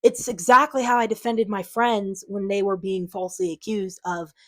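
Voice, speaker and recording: A woman's voice: medium pitch, fairly even intonation, normal speed, a bit bright. A woman talking to her viewers in an unscripted vlog, defensive and frustrated, rambling with lots of fillers. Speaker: channel owner.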